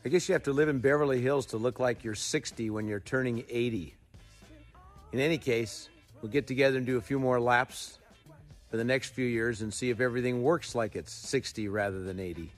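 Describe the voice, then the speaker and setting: A man's voice: mid-range voice, a little fast, soft background music. A man sending easygoing, teasing birthday wishes by video.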